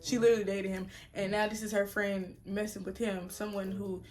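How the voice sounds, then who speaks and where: A woman in her twenties telling a story to the camera in a casual vlog, animated and slangy, talking straight to her viewers. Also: mid-range voice, fairly quick, faint music behind. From United States. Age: 20s. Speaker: vlogger.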